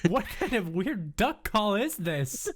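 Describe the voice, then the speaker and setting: A woman player in a tabletop game, asking quick playful questions in character. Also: mid-range voice, big pitch swings. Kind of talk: tabletop game role-play.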